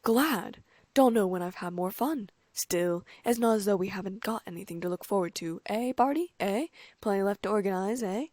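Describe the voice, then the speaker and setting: Woman doing a loud, chummy wizard official. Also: mid-range voice, brisk, no echo, close to an everyday voice. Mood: boisterous. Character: jovial blustering middle-aged male sports official.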